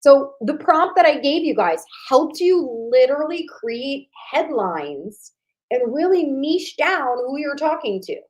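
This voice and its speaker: A woman coaching online marketers in a live-streamed workshop, chatty and animated, speaking straight to her viewers and muttering to herself while she fixes her slides. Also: high voice, measured pace.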